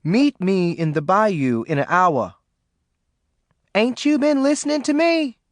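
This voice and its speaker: A man's voice: high-pitched, sing-song, slow, dry recording, studio quality, voice pushed up, exaggerated voice. Man doing a snarling brute. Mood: menacing. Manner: snarling, shouting, cruel. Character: brutal, threatening young white Southern man. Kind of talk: audiobook character voice.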